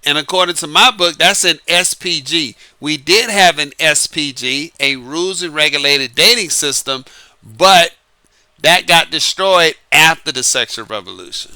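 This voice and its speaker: A New Orleans, Louisiana man, his Southern accent light, runs through dating advice in a casual monologue, stressing and restating his points with chuckles in between. His voice is a little high, sharp and smooth at normal speed, recorded dry.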